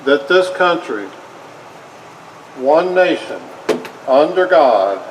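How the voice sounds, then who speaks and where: A man portraying a solemn nineteenth-century American president, giving a slow, measured, formal oration at an outdoor parade. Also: a little high, very animated, recorded from a distance, background noise. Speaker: historical reenactor. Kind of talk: reenacted historical speech.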